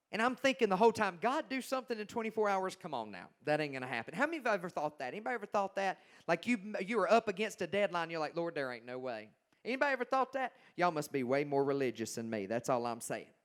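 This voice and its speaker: A young man, telling his personal testimony to a congregation. He speaks emphatically and swings from loud to hushed. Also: sits high. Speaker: Christian singer-songwriter giving his testimony.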